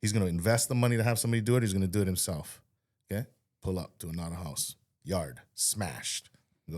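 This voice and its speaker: A man's voice: sits low, fast. A middle-aged man from Hawaii with a Pidgin-tinged accent, telling stories in casual chat and acting out the people in them. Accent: Hawaiian Pidgin-tinged English. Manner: animated, acts out voices in his stories. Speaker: podcast guest, entrepreneur.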